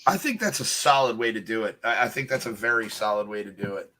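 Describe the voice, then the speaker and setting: Bright-voiced joking co-host, man. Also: fairly low pitch, fast talker. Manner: joking, teasing questions. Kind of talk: casual chat, joking banter.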